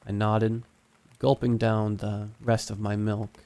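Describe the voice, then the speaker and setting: A man's voice: fairly low pitch, level tone, takes it slowly, vocal fry, mellow. Man narrating a horror story. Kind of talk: scripted narration.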